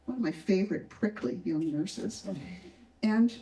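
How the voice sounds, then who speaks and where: A woman in her sixties telling a true story live on a stage, expressive and bouncing animatedly around her pitch range. Her voice is dark and mellow. The sound comes from a distant mic and echoes in a roomy hall. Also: measured pace. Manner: warm, expressive, acts out the voices of others. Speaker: retired nurse telling a personal story. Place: stage at a community arts event.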